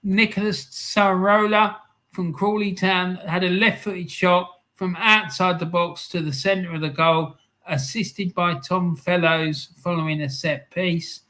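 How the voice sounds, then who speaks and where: A male stream host chats through the afternoon's football results at an unhurried pace. His voice is bright and slightly higher than most men's. He reads viewer comments aloud with excitable asides. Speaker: live stream host reading football scores and chat. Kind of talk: casual live-stream chat.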